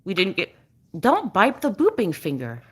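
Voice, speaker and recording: A woman's voice: medium pitch, wildly swooping pitch, normal speed, husky. A woman chatting on a casual live stream, explaining dog breeds to viewers and cooing at her dog between remarks.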